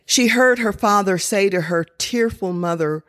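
A woman telling a true story in a slow, deliberate, expressive sermon style. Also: mid-range voice, no echo, studio quality.

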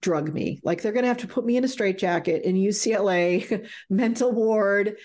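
A woman's voice: medium pitch, moderate pace, a little mellow. A middle-aged woman telling a frank, emotional personal story as an interview guest, swearing freely.

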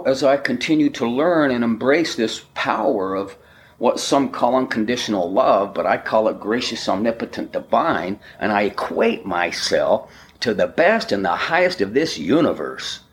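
A man delivers a spiritual talk at an unhurried, emphatic pace, leaning on repeated phrases and affirmations. His voice sits at an ordinary middle pitch for a man. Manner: slow, emphatic, repetitive affirmations. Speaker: spiritual speaker.

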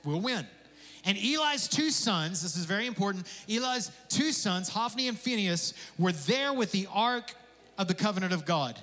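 A man preaching a sermon as pastor, conversational and animated, with casual asides and jokes. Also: high-pitched, moderate pace. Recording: long hall reverb.

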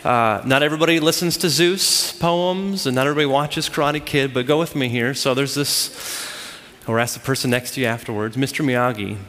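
A man's voice: mid-range voice, fairly quick, a bit bright, long reverb tail. A man preaching a sermon to a congregation, driving his points home with emphatic repeated phrases. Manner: emphatic, repetitive preaching cadence. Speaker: pastor.

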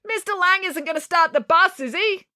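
A woman's voice: very high voice, moderate pace, pushed and bright, no echo, clean studio sound, voice pushed up, heavily acted. A woman voicing an anxious, pleading schoolboy in an audiobook. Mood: fretful. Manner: pleading, fretful. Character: nerdy anxious boy stuck in a statue.

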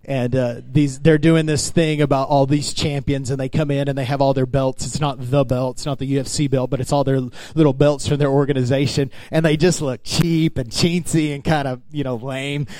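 A man's voice: medium pitch, level tone, normal speed, few pauses, a little mellow, dry recording. A male pastor preaching a sermon in an emphatic, conversational way, speaking straight to his congregation.

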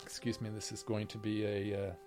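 A man's voice: lowish voice, completely flat delivery, a little fast, music in the background. A middle-aged man, a professor being interviewed, telling a long story in a wry, rambling way, with many fillers and restarts. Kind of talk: storytelling conversation.

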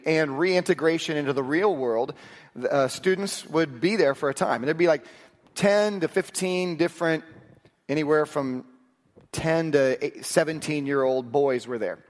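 A man's voice: on the high side, normal speed. A male pastor preaching a sermon to his church, telling stories and acting out bits of dialogue. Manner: animated storytelling with acted-out dialogue. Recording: long hall reverb.

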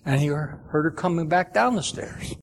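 High-voiced man preaching slowly. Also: gravelly, slight background noise. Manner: slow, earnest storytelling with many restarts. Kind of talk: sermon.

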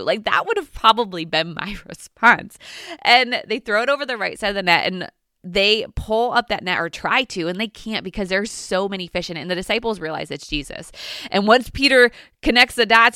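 A woman's voice: a little high, expressive, a little fast, pushed and bright, clear, resonant tone, dry recording, studio quality. A woman giving an earnest devotional Bible teaching, retelling stories with playful asides.

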